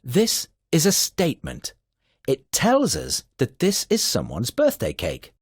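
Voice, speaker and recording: A man narrating a children's grammar video in a slow, sing-song scripted style with a husky voice. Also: fairly high pitch, wildly swooping pitch, no room sound, clean studio sound.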